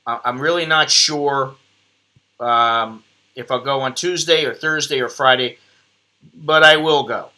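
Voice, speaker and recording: An American man in middle age runs a casual live stream from his computer, rambling along and poking fun at himself. He speaks a little slowly in a medium-pitched voice that comes across pushed and bright.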